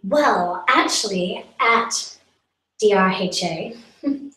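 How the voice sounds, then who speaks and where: A woman's voice: medium pitch, animated, takes it slowly, long pauses, pushed and bright. Young woman doing a celeb character on a livestream, bragging, lots of "like", kinda far from the mic in an echoey room. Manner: boastful, chatty, full of "like" and mock outrage. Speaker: comedic live stream host in character as a celebrity. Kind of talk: improvised character comedy monologue. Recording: roomy sound from a distance.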